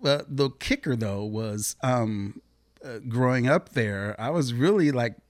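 A man's voice: medium pitch, unhurried, no echo. A man from the Pacific Northwest, a guest telling his life story in a rambling, casual way with many fillers. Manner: rambling, lots of fillers, animated when quoting others.

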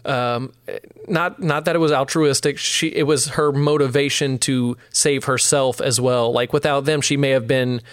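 A man's voice: medium pitch, steady tone, moderate pace, smooth, no echo. A man co-hosting a casual movie podcast, thoughtful and prone to stammering restarts, recorded dry and close. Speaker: podcast co-host.

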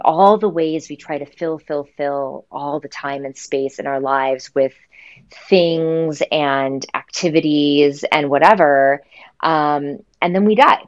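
A woman's voice: low voice, muffled recording. A woman author talking earnestly in a podcast interview, with lots of "you know" and "um" fillers. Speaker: author guest. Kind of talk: reflective podcast conversation.

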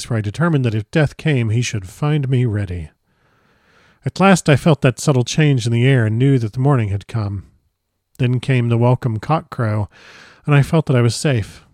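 A man's voice: mid-range voice, a little mellow, dry recording, clean studio sound. Man narrating a gothic diary. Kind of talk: dramatic audiobook narration.

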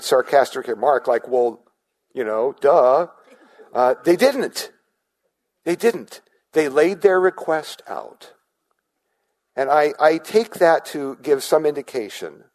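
A man's voice: medium pitch, a little mellow, low-quality recording. A male pastor giving a sermon in a conversational way, often asking the congregation questions and restarting his words.

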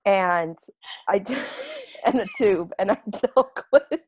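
A woman voicing a shy woman whose head sits in a dome, talking hesitantly with many pauses and soft laughs. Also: mid-range voice, big pitch swings. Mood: amused. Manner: hesitant, many ums, giggly.

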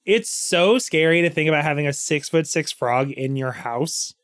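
A man's voice: on the high side, moderate pace, a bit bright, smooth, no room sound, clean studio sound. A man co-hosting a comics podcast, joking crudely and giggling in casual chat. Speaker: podcast co-host.

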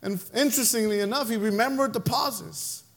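A man's voice: high-pitched, normal speed, vocal fry. A male pastor preaching a sermon and telling a story, with emphatic, impassioned delivery.

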